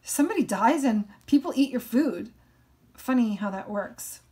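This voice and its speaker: A woman's voice: a little high, expressive, normal speed, dark tone. A woman reading a novel aloud and explaining it thoughtfully between passages.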